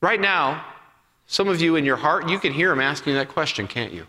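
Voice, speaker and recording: A man preaching a sermon as pastor, telling a Bible story with acted-out voices and dropping to hushed appeals. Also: a little high, normal speed. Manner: animated storytelling, acting out voices, then hushed and intimate. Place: church sanctuary. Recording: long reverb of a hall.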